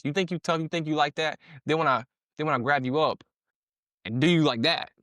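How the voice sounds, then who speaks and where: Breaking down police footage, a man with a fairly high, fairly bright voice comments briskly in a slangy, conversational way. He repeats himself and throws in sound-effect words, with no echo on the recording.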